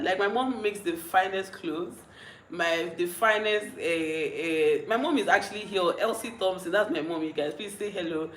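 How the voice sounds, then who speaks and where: A woman's voice: medium pitch, a bit bright, reverberant, slight background noise, low-quality recording. Giggly Nigerian woman chatting on a livestream. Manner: rambling, giggly, full of restarts. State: a bit tipsy and mellow. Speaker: vlogger. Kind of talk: casual livestream chat reading comments.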